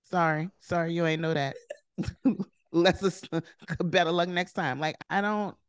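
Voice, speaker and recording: A woman with a middle-pitched voice talks bluntly and wryly, using plenty of slang in casual podcast banter. She is recorded close and dry, with no room sound. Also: fairly even intonation, unhurried, smooth, dry recording. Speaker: podcast co-host.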